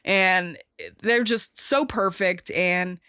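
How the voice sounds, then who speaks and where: A woman's voice: medium pitch, slow, sharp tone, smooth, no room sound, clean studio sound. A woman hosting a podcast in casual chat, talking emphatically and gushingly with many fillers and restarts. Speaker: podcast host.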